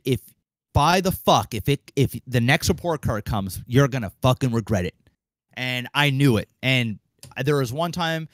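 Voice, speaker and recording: A young man on a podcast, his voice sitting a bit above the usual pitch for a man. He tells a casual, animated story, swears freely and slips into the voices of the people in it. The sound is dry and close. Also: no room sound. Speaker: podcast co-host.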